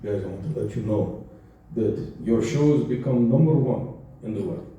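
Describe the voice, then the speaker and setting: A man imitating a brisk male TV producer with a heavy Israeli accent, repeating short bursts of praise. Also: mid-range voice, mellow, highs cut off, natural voice. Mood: pleased. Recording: echoey hall from far off.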